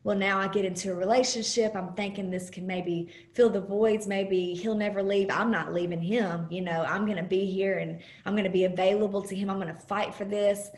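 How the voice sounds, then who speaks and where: A woman giving an earnest, halting personal testimony as a guest speaker over a video call, pausing often with fillers. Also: medium pitch, fairly even intonation, darkish tone. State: close to tears at times. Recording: roomy video call audio.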